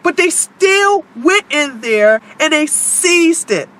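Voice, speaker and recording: A high-pitched woman delivers a vlog monologue, her voice very animated and bright. She speaks bluntly and swears emphatically. She addresses her viewers directly. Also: takes it slowly. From United States. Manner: blunt, heavily profane, emphatic. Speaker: vlogger.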